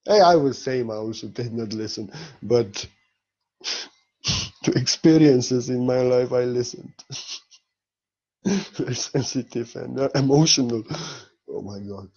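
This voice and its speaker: A man speaks as a spiritual teacher in a loose, informal talk, candid and openly emotional, with a blunt edge and the odd curse. His voice sits at an ordinary middle pitch. The recording is muffled and dull. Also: slow, pauses often, darkish tone.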